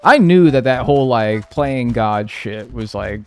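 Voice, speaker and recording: This man streams a video game and talks at a measured pace in a medium-pitched voice. Casual and profane, he meanders through stories, acting them out with mimicked voices, and faint music can be heard behind him.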